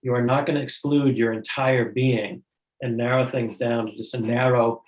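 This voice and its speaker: A man's voice: mid-range voice, level tone, moderate pace, muffled recording. A tenured male professor speaking bluntly in a panel discussion over a video call. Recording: echoey room.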